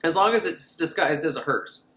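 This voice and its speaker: A man's voice: fairly high pitch, animated, moderate pace, sharp tone. A man giving a rambling, comic movie recap, laughing often as he goes. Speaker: film reviewer. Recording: roomy room echo.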